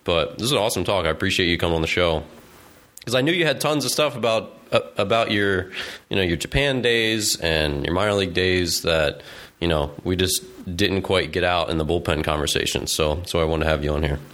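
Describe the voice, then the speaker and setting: A man hosting a casual podcast interview, talking in a relaxed, friendly way. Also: low voice, brisk. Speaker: podcast host.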